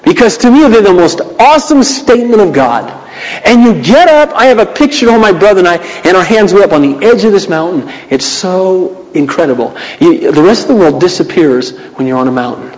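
A man preaching a sermon as pastor, reading scripture aloud with dramatic, animated delivery. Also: sits high, brisk, big-room sound, low-quality recording.

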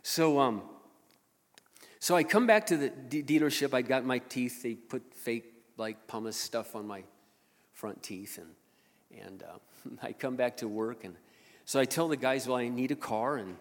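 A male pastor tells a personal story from the pulpit in an animated way, rising loud and then dropping to a hush. His voice sits at an ordinary middle pitch and trails a long reverb through a large hall. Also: unhurried. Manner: animated, swings from loud to hushed. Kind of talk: sermon storytelling.

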